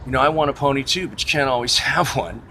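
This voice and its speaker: Man, mid-pitched, tense bright tone; wry rambling vlog rant, light traffic hiss behind. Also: fast talker. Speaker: vlogger. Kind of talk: casual opinion rant.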